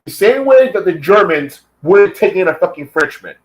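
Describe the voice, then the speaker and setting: A man's voice: high-pitched, animated, moderate pace, rough recording. Profane, taunting man ranting on camera. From United States. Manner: profane and confrontational; taunting, addresses his target directly. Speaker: vlogger. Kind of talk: angry rant.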